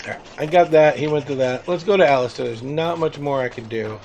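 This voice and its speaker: A man's voice: fairly high pitch, a little fast, darkish tone, slight background noise. A man from the American South with a Southern accent, casually commenting as he livestreams a video game and reacting to his chat. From Southern United States. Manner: chatty, rambling, reacts to chat. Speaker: streamer.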